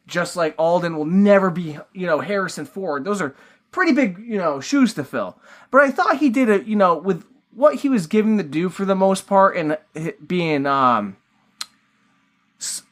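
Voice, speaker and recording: A man's voice: high-pitched, lively intonation, normal speed. A man co-hosting a podcast, reviewing a film in rambling, casual chat full of fillers and offhand swearing. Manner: mock voices when quoting characters. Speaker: podcast co-host.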